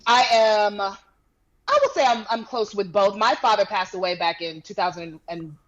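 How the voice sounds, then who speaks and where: A woman in her thirties from Georgia speaks as a guest in a relaxed interview. Her voice sits at a middle pitch, and she answers plainly, often giving short, friendly agreements. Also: moderate pace, muffled recording. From Georgia, USA. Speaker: guest, fitness champion. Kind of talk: casual interview chat.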